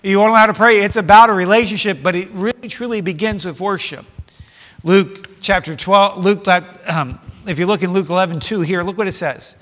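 A man's voice: sits high, a little fast, a bit bright. A middle-aged man preaching a sermon with impassioned force that swells and drops back. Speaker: pastor. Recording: long hall reverb.

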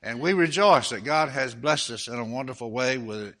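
A man's voice: medium pitch, animated, moderate pace, a bit bright. An older man with a Southern accent from Alabama, a guest preacher telling folksy jokes and reading Scripture in a sermon. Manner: folksy humorous storytelling, then reading Scripture with rising force.

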